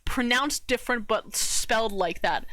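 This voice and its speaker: A woman's voice: fairly high pitch, normal speed, pushed and bright, no room sound. A young woman streaming while she draws, chatting casually in a bubbly, giggly way and sometimes muttering to herself.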